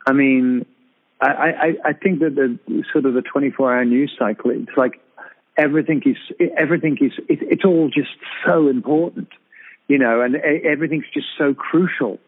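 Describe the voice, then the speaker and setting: A man chatting on a radio show from abroad, talking haltingly with many fillers and restarts. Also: medium pitch. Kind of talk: casual radio chat. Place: abroad in Britain, calling in. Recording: tinny phone-line sound on radio.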